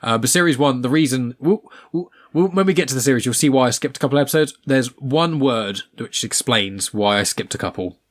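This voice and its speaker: A man hosting a casual podcast chat, opinionated and quick to swear. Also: mid-range voice, animated. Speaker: podcast host.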